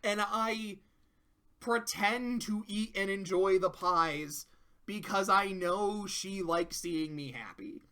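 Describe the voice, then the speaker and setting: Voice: mid-range voice, slow pace, sharp tone. A cartoon episode reviewer in casual video commentary, rambling with profanity and laughing asides.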